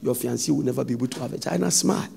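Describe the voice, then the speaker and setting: A man preaching a sermon, telling stories and rising into sudden loud sung-out phrases. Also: medium pitch, rapid-fire, creaky.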